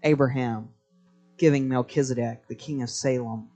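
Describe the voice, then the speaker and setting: A man preaching to a congregation in a church, his voice sitting at an ordinary middle pitch. He tells stories with plenty of energy and keeps calling the crowd to join in, while soft music hums faintly behind him. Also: moderate pace. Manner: animated storytelling, prompting the crowd to respond. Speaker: pastor. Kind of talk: live sermon to a congregation.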